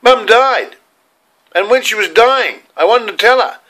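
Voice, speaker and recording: Here an elderly-sounding Australian storyteller recalls his boyhood in long, sincere anecdotes. His voice sits high and animated, a little slow, with a pushed, bright quality.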